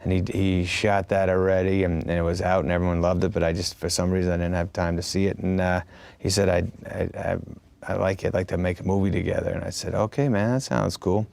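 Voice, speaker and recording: A man's voice: sits low, level tone, quick pace, creaky, a little mellow, dry recording. A man chatting casually as an actor, telling stories in a rambling way with many restarts and quoted dialogue. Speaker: actor in a conversation. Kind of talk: casual conversation.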